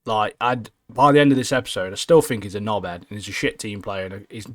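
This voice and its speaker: A man's voice: on the low side, quick pace, dry recording, studio quality. A man co-hosting a podcast in casual chat, laddish and fond of tagging "mate" onto his sentences. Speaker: podcast co-host.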